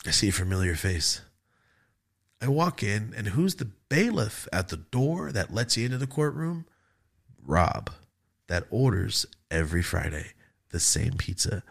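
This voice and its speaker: A man hosting a podcast, telling a story in a casual, profane, animated way and acting out other people's lines. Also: fairly low pitch, unhurried, gravelly. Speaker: podcast host.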